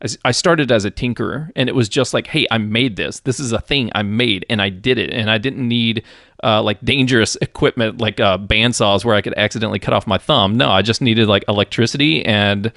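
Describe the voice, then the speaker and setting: A man's voice: lowish voice, a little fast, vocal fry, no room sound, clean studio sound. A man hosting a tech podcast, chatty and upbeat, laughing often as he talks with his guest. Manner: chatty, laughs often, shifts into a soft radio voice. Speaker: podcast host. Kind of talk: casual podcast chat.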